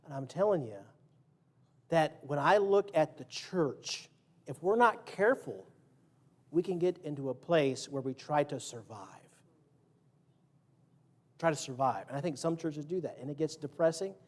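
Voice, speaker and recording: A fairly high-pitched, expressive male voice moves unhurriedly through a sermon, leaving long pauses. In the church sanctuary he jokes around, quizzes the congregation, and acts out quotes and sound effects.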